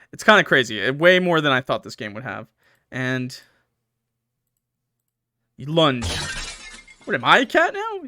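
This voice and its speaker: A man's voice: high voice, bright, forceful tone, no echo, studio quality. A young man playing a horror game, reading its text aloud with dramatic swings and joking asides. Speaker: gaming YouTuber.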